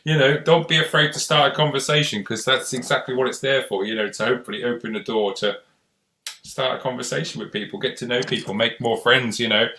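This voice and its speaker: A man's voice: mid-range voice, a little fast, bright, forceful tone, roomy sound. A man hosting a casual live-stream chat, chatty and rambling in an encouraging way. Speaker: host.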